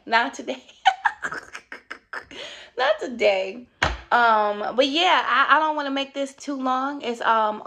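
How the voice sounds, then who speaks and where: Middle-aged woman, gravelly mid-pitched voice, upbeat chatty wellness vlogger. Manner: warm, chatty and upbeat, with many fillers. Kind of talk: casual motivational vlog.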